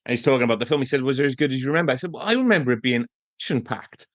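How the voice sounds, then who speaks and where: A man's voice: mid-range voice, expressive, very fast, no room sound. Chatty man on a dry-sounding podcast mic. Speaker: podcast co-host. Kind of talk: casual film review chat.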